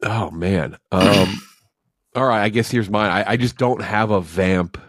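A man with a very low, deep voice chats casually on a movie podcast. He rambles and restarts his sentences as he works through his takes. The sound is dry and close, with no room around it. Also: unhurried, dry recording. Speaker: podcast co-host.

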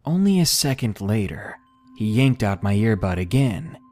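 A man narrating a scary story in slow, expressive storytelling. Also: on the low side, faint music behind. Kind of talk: scripted horror story narration.

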